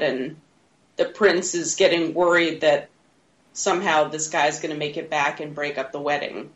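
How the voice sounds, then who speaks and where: Low-voiced woman recapping a movie. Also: highs cut off. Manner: laughing, retelling scenes with quoted lines. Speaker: podcast co-host. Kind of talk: casual movie recap chat.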